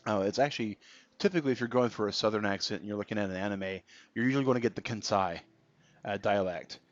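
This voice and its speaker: Chatty low-voiced male game streamer. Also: quick pace, no echo. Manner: chatty, reads out viewer comments. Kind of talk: casual gameplay commentary. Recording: dull lo-fi stream audio with faint music.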